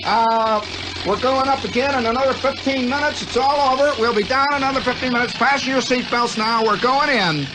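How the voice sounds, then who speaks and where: A man voicing an old-time pilot calling back to his passengers in a rapid, announcer-like patter. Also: very high-pitched, background noise, voice pushed up. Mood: brisk. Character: brisk male barnstorming pilot calling to passengers.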